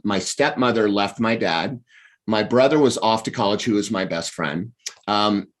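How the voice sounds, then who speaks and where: Casting: middle-aged American male coach, lowish voice, animated storyteller, chatty interview guest. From United States. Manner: animated storyteller with frequent restarts.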